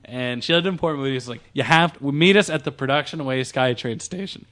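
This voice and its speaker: A man telling a funny personal story to friends on a podcast, animated and full of restarts. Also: mid-range voice, brisk. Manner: animated, laughs while telling, lots of restarts. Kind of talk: casual storytelling among friends.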